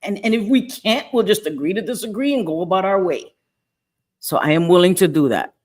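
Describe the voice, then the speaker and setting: A woman's voice: mid-range voice, expressive, fairly quick, a little mellow. A woman with an American accent hosting a casual livestream, answering chat messages, laughing often and swearing casually. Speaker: livestream host.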